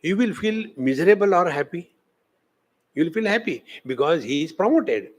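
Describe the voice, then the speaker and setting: In a lecture hall, a swami with an Indian English accent delivers a spiritual discourse at a moderate pace, his voice fairly high-pitched. He brings his stories to life by animatedly performing the quoted voices of their characters.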